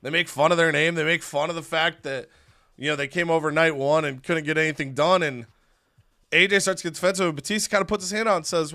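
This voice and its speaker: A young man narrating a wrestling management game as an animated storyteller. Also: a little high, fast. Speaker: gaming youtuber. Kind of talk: let's-play storytelling narration.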